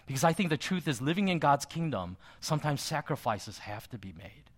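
A middle-aged male pastor preaching a sermon, telling a personal story in a conversational way with soft asides. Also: a little high, sing-song, brisk.

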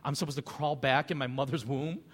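A man voicing a baffled, skeptical religious leader who asks halting, puzzled questions. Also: mid-range voice, steady tone, fairly bright tone, in a large hall, lightly acted.

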